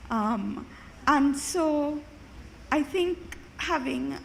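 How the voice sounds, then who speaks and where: A woman's voice: high voice, lively intonation, very slow, creaky, pauses often, a little hiss or hum, rough recording. A woman from Jamaica and Trinidad asking a panel an earnest, personal question from the audience. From Caribbean, Jamaica and Trinidad.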